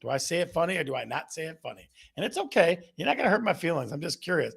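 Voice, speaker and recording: A man's voice: a little high, sing-song, rapid-fire, creaky, slightly rough. A man hosting a casual live-stream chat, playful and teasing as he banters with viewers. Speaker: host.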